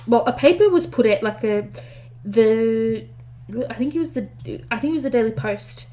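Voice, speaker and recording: A woman's voice: a little high, moderate pace, dark tone. A woman co-hosting a podcast, retelling a story in casual chat with many fillers and self-corrections. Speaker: podcast co-host.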